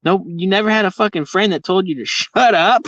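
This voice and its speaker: A man's voice: high voice, brisk, a bit bright. A man talks casually to his camera from inside his vehicle, cursing in nearly every sentence as he rambles. The sound is close and dry with no room echo. The recording is somewhat dull and lo-fi. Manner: profane, heavy swearing, ranting. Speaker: vlogger.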